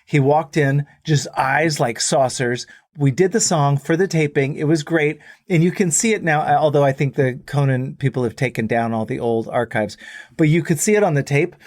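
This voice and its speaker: A middle-aged man from Texas tells a rambling story as a podcast guest, voice sitting a bit high for a man. He acts out quotes with animation. The sound is close and dry, with no room to it. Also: normal speed, darkish tone, no room sound. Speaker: guest musician. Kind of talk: casual anecdote on a podcast.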